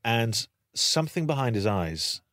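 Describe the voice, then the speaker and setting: A British man telling a long anecdote in casual chat, lively and acting out the voices of the people in it. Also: medium pitch, measured pace, no room sound, studio quality. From Britain. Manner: animated storytelling, acting out voices. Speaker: guest storyteller.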